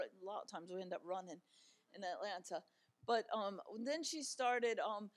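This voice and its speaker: A woman's voice: mid-range voice, sing-song, normal speed, fairly bright tone. A middle-aged woman giving an encouraging talk as a guest speaker, telling stories in a chatty way with fillers and light humor.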